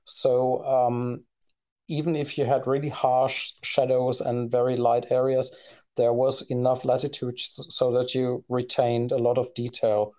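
A man's voice: medium pitch, flat delivery, measured pace, warm tone. A man co-hosting a podcast in casual conversation, talking hesitantly with many fillers and restarts. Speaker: podcast co-host.

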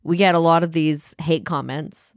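A woman's voice: low-pitched, steady tone, moderate pace, no echo, studio quality. A woman co-hosting a podcast in casual chat, talking frankly and playfully. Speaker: podcast co-host.

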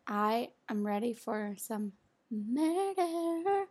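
A woman co-hosting a podcast in casual chat, excitable and crude, quick to laugh. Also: on the high side, husky. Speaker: podcast co-host.

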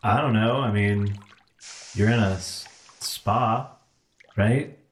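A man's voice: lowish voice, slow pace, a little hiss or hum. A man playing a laid-back guy at a spa who invites two strangers into the sauna, talking in an unbothered, easygoing way. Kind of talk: improv comedy role-play.

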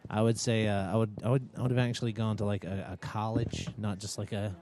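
A man's voice: lowish voice, steady tone, fast, a little mellow, a little hiss or hum. A man in casual group chat, rambling and sarcastic. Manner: rambling, self-mocking, sarcastic.

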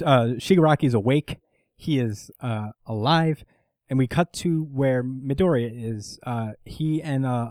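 A man co-hosting a casual manga chat, talking in an animated way, swearing often and acting out characters' lines. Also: medium pitch, no echo. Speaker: podcast co-host recapping manga.

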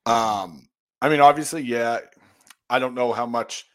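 A man's voice: medium pitch, a little slow, fairly bright tone. A man co-hosting a podcast, talking casually in a thoughtful, rambling way. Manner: thoughtful, rambling with fillers and restarts. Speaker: podcast co-host. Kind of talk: casual chat.

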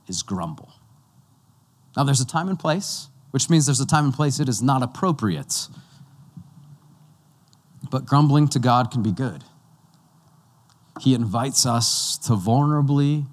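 A man preaching a sermon as pastor, talking conversationally and slowing down to stress key points. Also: mid-range voice. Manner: conversational, with slow, emphatic stretches.

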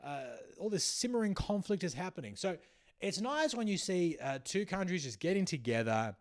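A male comedian riffs through a sarcastic monologue. His voice sits a touch high, and he rambles and restarts often. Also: big pitch swings, moderate pace. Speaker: comedian host.

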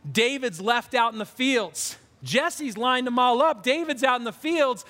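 High-voiced preacher man in a reverberant hall. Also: a little slow, bright, forceful tone. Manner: earnest, emphatic preaching with repeated restarts. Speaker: pastor. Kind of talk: sermon. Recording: long reverb of a large hall.

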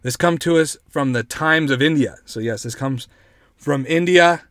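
Animated, joking male podcast host. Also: fairly high pitch, moderate pace, dry recording, studio quality. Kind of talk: casual podcast chat, reading news aloud.

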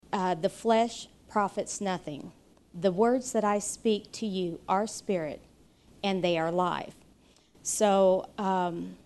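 A woman teaching a Bible study in an earnest, unhurried way, pausing often with ums and uhs. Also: mid-range voice, darkish tone, slight background noise. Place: room with chairs, audience present.

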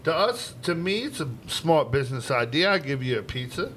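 A man's voice: on the high side, sing-song, brisk, fairly bright tone, a little hiss or hum. A man chatting on a podcast, telling pizza shop stories with lots of swearing and laughter. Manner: profane, laughing storyteller. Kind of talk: casual chat storytelling.

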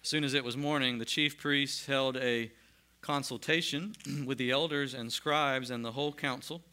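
Bright-voiced male pastor preaching. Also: mid-range voice. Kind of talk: sermon with scripture reading.

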